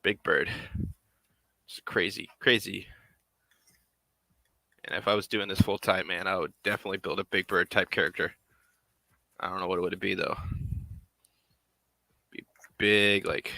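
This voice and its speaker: A man's voice: low voice, fairly even intonation, moderate pace, gravelly, long pauses, bright, forceful tone, no echo. A man making a puppet on a live stream, rambling casually and half to himself as he works. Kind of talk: casual live-stream chat while working.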